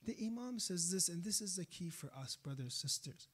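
A man delivers an impassioned sermon in a mosque, his voice sitting a little higher than most men's. He tells the story dramatically and keeps turning to the congregation with rhetorical questions. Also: animated, normal speed, breathy edge. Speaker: preacher.

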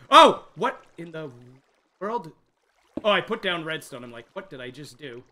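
A young man streaming a game live, jumpy and excitable, talking straight to his chat. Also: on the high side, unhurried, a little hiss or hum. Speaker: gaming livestreamer. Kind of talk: live let's-play commentary.

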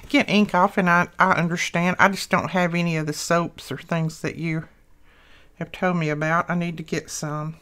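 A woman's voice: sits low, a bit bright. An older woman hosting a crafting video, chatting casually and telling homey family stories as she works. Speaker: crafting channel host.

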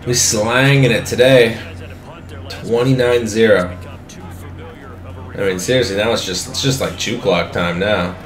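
A young man giving live, excitable commentary on his own football video game, swearing freely and talking at the screen. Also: fairly low pitch, unhurried, long pauses, roomy sound, soft background music. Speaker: gaming commentator.

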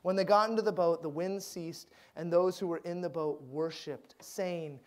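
A male pastor giving a sermon, swinging between loud emphatic lines and hushed, gentle ones. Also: on the high side, steady tone, normal speed, few pauses.

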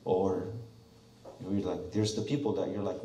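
A man's voice: lowish voice, fairly quick, warm tone, slight background noise. A man preaching a sermon, telling an illustration and pressing the listeners with rhetorical questions. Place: church sanctuary. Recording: echoey church hall from a distant mic.

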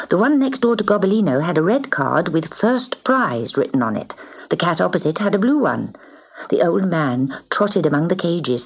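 A woman narrating a children's storybook in a soft, often half-whispered, husky voice. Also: sits low.

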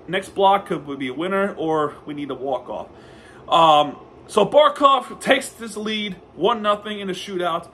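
A man recapping a hockey game as a fan, talking in a casual, excitable way and often stumbling and correcting himself. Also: sits high, a little hiss or hum.

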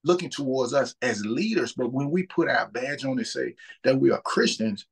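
A man's voice: medium pitch, normal speed, vocal fry, breathy edge. A man, talking about faith in a casual, earnest way and often repeating words as he thinks. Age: 30s.

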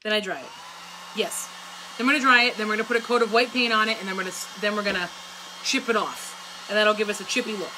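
A woman's voice: mid-range voice, steady tone, fast talker. Chatty rambling woman crafting. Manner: chatty, rambling, laughs often. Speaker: craft vlogger. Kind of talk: casual chat while crafting. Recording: loud hair dryer noise.

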